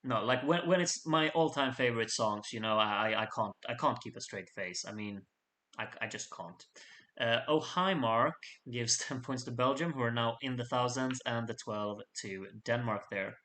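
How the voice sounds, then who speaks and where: Male host, middle pitch, casual vote-by-vote commentary with playful asides. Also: normal speed, pushed and bright. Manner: chatty, jokey asides to the audience. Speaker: host reading out fan contest votes. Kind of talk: casual live voting commentary.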